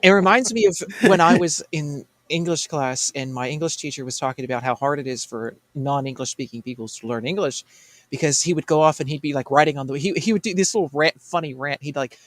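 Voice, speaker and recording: A man with a notably high voice tells a story in a casual online chat, breaking into laughter as he goes. The sound is dry and close, with no room behind it. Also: brisk, no echo. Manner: animated storyteller, laughs often. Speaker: podcast host.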